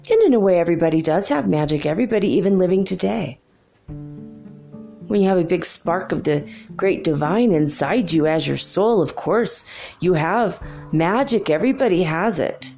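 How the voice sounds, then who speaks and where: A woman's voice: fairly low pitch, lively intonation, normal speed, gravelly. A woman hosting a live spirit-channeling session, chatty and self-deprecating, often laughing. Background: soft guitar music.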